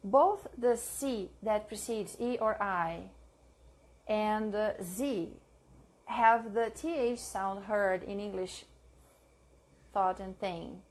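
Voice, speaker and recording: Slow, careful woman reading study notes. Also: mid-range voice. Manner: reads notes aloud, pausing to correct her own mix-ups; repeats and drills words slowly. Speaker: language learner sharing study notes. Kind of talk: slow read-aloud study session.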